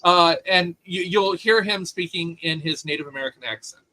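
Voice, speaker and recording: A man co-hosting a casual podcast chat, opinionated and animated, with many restarts. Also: sits high, normal speed, low-quality recording. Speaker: podcast co-host.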